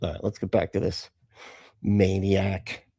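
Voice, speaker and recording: A man hosting a casual live stream, greeting viewers by name and laughing between comments. His voice is gravelly and mellow, with lively swings in pitch. The sound is dry and close. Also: a little slow, no echo. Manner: chatty, greets chat viewers, laughs often. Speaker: livestream host reacting to videos.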